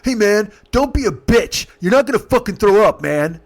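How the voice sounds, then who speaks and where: A man's voice: medium pitch, rapid-fire, lightly acted. A man voicing a brash, pushy drunk young man who talks in bro slang. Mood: aggressive.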